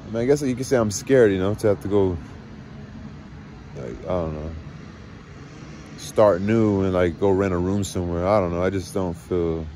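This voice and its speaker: A man's voice: low voice, normal speed, long pauses, mellow, a little hiss or hum. A man in a rambling, profane monologue, venting agitatedly about family and work. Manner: rambling, frequent swearing, agitated. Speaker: vlogger.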